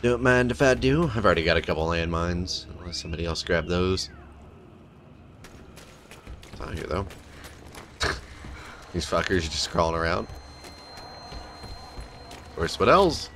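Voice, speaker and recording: A man's voice: deep voice, expressive, unhurried, long pauses, fairly bright tone, a little hiss or hum. A man giving casual, sarcastic, profane commentary while playing a video game. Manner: swearing, sarcastic, laughing. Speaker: gameplay commentator. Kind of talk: casual let's play commentary.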